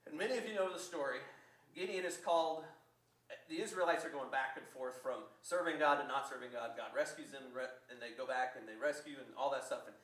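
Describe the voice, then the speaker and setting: Echoey pastor preaching in a church. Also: male voice, medium pitch, brisk, distant mic. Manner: lively storytelling, acting out quotes. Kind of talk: sermon.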